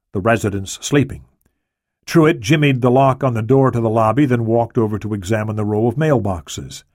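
A man narrating a thriller audiobook in a steady, matter-of-fact way. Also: mid-range voice, no echo, studio quality.

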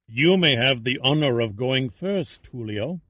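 A man voicing a menacing Peruvian male killer who speaks with icy calm. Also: mid-range voice, measured pace, no room sound.

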